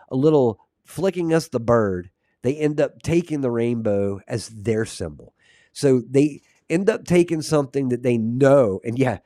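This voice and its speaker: A man's voice: mid-range voice, warm tone, no room sound. Fervent man preaching close to a dry mic. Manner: earnest, reads verses aloud, drifts into asides to chat viewers; fillers and restarts, fervent and condemning tone. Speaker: Christian podcast host. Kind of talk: casual preaching with scripture reading.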